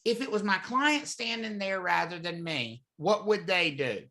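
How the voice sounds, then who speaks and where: A man's voice: high voice, lively intonation, a little slow, sharp tone. A man teaching a real estate class, talking conversationally and often asking the students questions. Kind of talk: live classroom lecture. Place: classroom or live online class.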